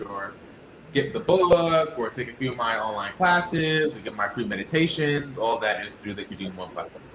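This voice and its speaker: Man, podcast guest, mid-pitched voice, echoey room, dull lo-fi sound, clear hiss. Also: lively intonation, normal speed. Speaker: podcast guest, wellness practitioner. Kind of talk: casual podcast interview. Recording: roomy, dull, noisy remote audio.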